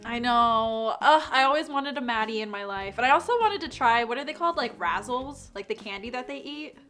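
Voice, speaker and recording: A woman's voice: fairly high pitch, expressive, a little fast, fairly bright tone, soft background music. A woman hosting a casual chat, blunt and opinionated, swearing now and then. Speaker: host.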